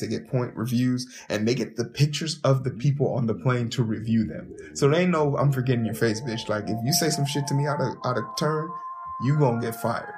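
A man hosting a podcast, telling a story in an animated, profane way, often stumbling and repeating words as he starts his sentences. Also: mid-range voice. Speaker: podcast host. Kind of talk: storytelling monologue.

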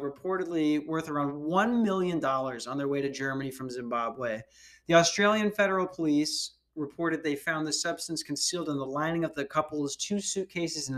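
A man's voice: on the high side, brisk, fairly bright tone. A man hosting a podcast, riffing in casual, profane, rambling comedic commentary on news stories. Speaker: podcast host.

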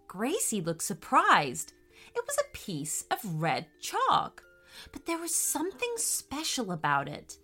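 As host and storyteller, this woman reads children's stories in a cheerful, lively way, speaking right to her young listeners. She has a medium-pitched, unhurried voice, accompanied by soft background music.

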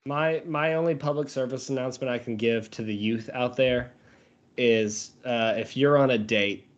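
A man's voice: mid-range voice, steady tone, moderate pace. A man co-hosting a podcast, telling stories in a wry, jokey way. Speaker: podcast co-host. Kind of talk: casual chat. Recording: dull lo-fi audio.

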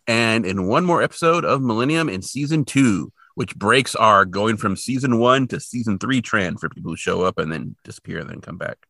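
Lively chatty man with gravelly voice. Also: fairly low pitch, normal speed, few pauses, no echo, clean studio sound. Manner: chatty, rambling, animated asides. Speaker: podcast co-host. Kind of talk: casual chat.

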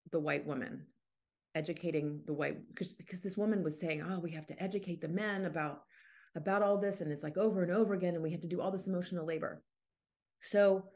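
In a casual podcast monologue, a female host talks things through thoughtfully and off the cuff, frequently starting her sentences over. She has a fairly low, slightly mellow voice.

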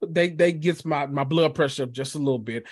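A laid-back podcast guest with a mid-pitched voice, recorded dry and close. The talk is slangy and playful, full of laughter. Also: big pitch swings, normal speed, a little mellow, dry recording. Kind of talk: casual chat.

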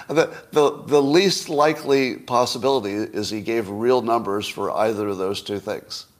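A man's voice: medium pitch, slow. A man talks alone on his own podcast, riffing on current affairs. He is wry and skeptical, lining up rhetorical questions and letting out dry little chuckles between points. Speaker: podcast host. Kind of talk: solo political commentary.

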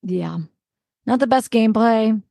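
A woman co-hosting a podcast in casual chat, reflective and quick to laugh softly at herself. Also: a little high, gravelly, no echo, clean studio sound. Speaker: podcast co-host.

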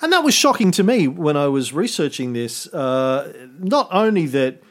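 A man's voice: fairly high pitch, sing-song, normal speed. Chatty man explaining history. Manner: explanatory, with frequent fillers and self-corrections. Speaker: podcast co-host. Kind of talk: casual history podcast chat.

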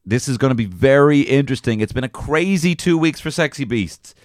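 A man's voice: medium pitch, animated, brisk. A man co-hosting a podcast in casual, joking chat, laid-back and a little hesitant. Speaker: podcast co-host.

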